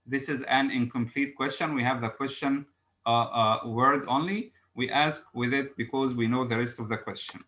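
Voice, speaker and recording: A man teaching an English grammar lesson, reading example sentences aloud slowly and pausing often with "uh". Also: mid-range voice, fairly even intonation, sharp tone, poor audio. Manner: halting, frequent "uh" fillers, reads examples aloud slowly.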